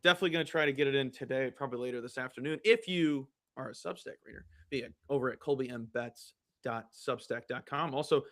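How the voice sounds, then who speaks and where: A man's voice: medium pitch, quick pace. A man co-hosting a sports betting podcast, joking with his partner in breezy banter. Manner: breezy banter, punchy plugs. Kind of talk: casual podcast chat with ad reads.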